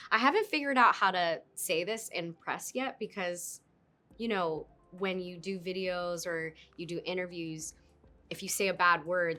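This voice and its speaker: A woman's voice: lowish voice, sharp tone. Giggly, playful woman actress. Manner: bubbly and giggly, playful asides. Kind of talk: casual interview talk to camera. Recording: faint music behind.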